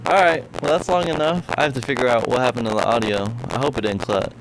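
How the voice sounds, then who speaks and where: A young man hosts a casual podcast in a laid-back, easygoing way. His voice sits at a middling pitch. A clear background hiss runs under it. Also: lively intonation, quick pace. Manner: laid-back, short back-channel replies. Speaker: podcast host. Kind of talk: casual chat.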